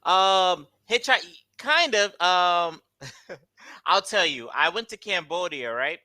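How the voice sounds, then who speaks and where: An American man and English teacher chatting over a video call, telling animated travel stories with frequent laughs. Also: high-pitched, slow. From United States. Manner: animated storyteller, laughs often, acts out voices. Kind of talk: casual video-call conversation.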